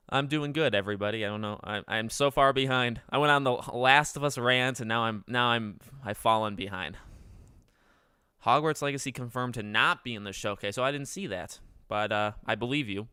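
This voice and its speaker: A man's voice: mid-range voice, pushed and bright, smooth, no room sound, clean studio sound. A man in his twenties hosting a casual livestream, chatting with viewers in a rambling, self-correcting way. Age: 20s. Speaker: livestream host.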